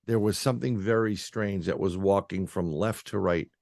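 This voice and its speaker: Male guest, paranormal researcher, low gravelly voice, dry close sound, loose excitable storyteller. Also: moderate pace, no echo. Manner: rambling, filler-heavy, restarts, excitable. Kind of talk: casual storytelling in an interview.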